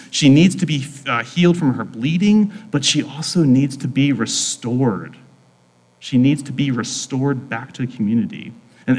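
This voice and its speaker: A man's voice: mid-range voice, darkish tone. Male pastor, mid-range voice, earnest and informal, preaching in a big echoing hall. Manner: earnest, informal, frequent "like" fillers. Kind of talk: conversational sermon.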